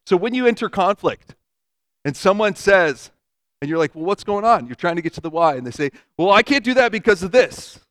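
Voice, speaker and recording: A man preaching a conversational sermon, animated, acting out everyday quotes and vivid hypotheticals. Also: high voice, brisk.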